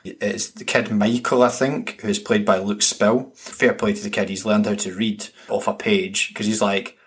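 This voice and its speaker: A man's voice: on the low side, moderate pace, a bit bright. A man co-hosting a podcast, blunt and jokey in casual film chat. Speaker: podcast co-host.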